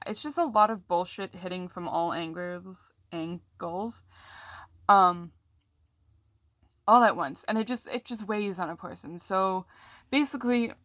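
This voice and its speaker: Speaking at a medium pitch with a fairly bright tone, this young vlogger vents casually to camera, rambling, frustrated and candid, poking fun at herself. Coughing fits keep catching her throat. The studio-quality audio has no room sound.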